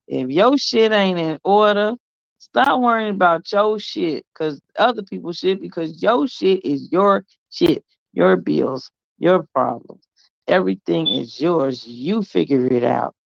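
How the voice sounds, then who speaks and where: A man hosting a call-in show, animated and laughing, hyping up his callers with slang. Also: high voice, a little slow, creaky, dry recording. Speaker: radio show host. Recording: dull lo-fi audio.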